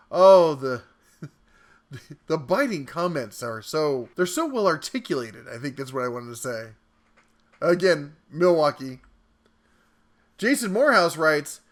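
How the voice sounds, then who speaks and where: Playful man host with a higher voice. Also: big pitch swings, a little slow, long pauses. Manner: playful and jokey, chuckles between lines. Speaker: tool channel host. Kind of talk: comedic reading of viewer comments.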